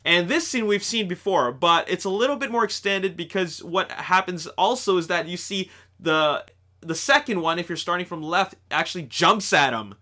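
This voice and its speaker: A man hosting a casual video review, talking excitably and rambling with lots of fillers and restarts, recorded at home on a desktop microphone. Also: high voice, moderate pace. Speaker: host of a movie news channel. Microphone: desktop USB microphone.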